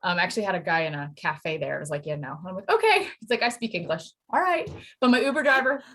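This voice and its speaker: A woman from Pennsylvania, a Spanish teacher, chatting as a podcast guest and telling lively stories with quoted voices. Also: lowish voice, fast talker. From Pennsylvania, USA. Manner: animated storytelling with acted quotes and laughter. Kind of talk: casual interview chat.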